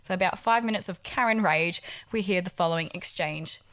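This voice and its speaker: A young woman co-hosting a casual chat, telling a story in a lively way and laughing often. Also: fairly low pitch, brisk. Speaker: guest co-host.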